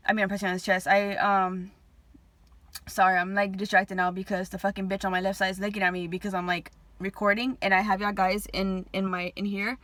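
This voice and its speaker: A woman's voice: mid-range voice, flat delivery, a little fast, a bit bright, no room sound. A woman telling an emotional story to her viewers, agitated, swearing constantly and restarting her sentences. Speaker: vlogger.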